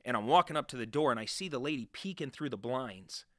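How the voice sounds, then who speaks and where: A man as an interview guest, telling his story candidly with profanity, swinging between hushed and loud. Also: medium pitch, expressive, quick pace, dry recording, studio quality. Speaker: guest, real estate investor.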